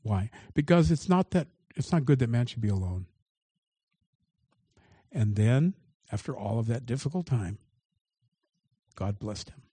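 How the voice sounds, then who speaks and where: A man's voice: medium pitch, expressive, measured pace, pauses often, warm tone, husky, no echo. A man preaching a sermon as pastor, reading scripture aloud and commenting on it with shifting emphasis.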